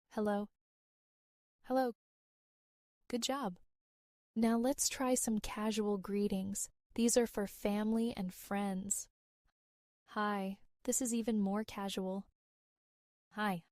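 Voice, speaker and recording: An American woman teaching an English lesson, speaking slowly and clearly, pausing and repeating phrases for learners. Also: medium pitch, darkish tone, dry recording, clean studio sound. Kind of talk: slow, deliberate English lesson.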